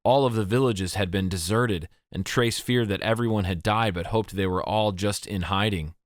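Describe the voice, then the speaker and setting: A male audiobook narrator with a low voice reads scripted narration at normal speed. The studio sound is clean, with no echo.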